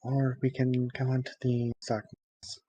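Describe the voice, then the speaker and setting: A man playing in a tabletop game, thinking out loud about plans in an easygoing way. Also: medium pitch, monotone, measured pace, dry recording, dull audio. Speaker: player. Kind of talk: casual game chat.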